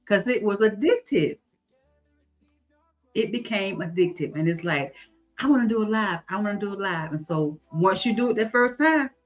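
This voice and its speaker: A middle-aged woman, talking casually and folksily on a live stream. She calls her listeners honey and baby. Soft music plays faintly behind her. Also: medium pitch. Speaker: host.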